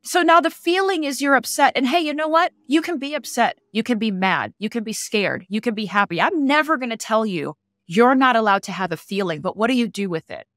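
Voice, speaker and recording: A woman's voice: on the high side, expressive, fairly quick, fairly bright tone, dry recording. Woman podcast host, dry close sound. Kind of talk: casual interview conversation.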